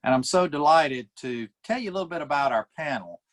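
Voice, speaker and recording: A man's voice: fairly high pitch, expressive, brisk. A man, a mayor introducing panelists on a video call, with frequent fillers. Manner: warm introductions with many fillers. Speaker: town mayor hosting a panel.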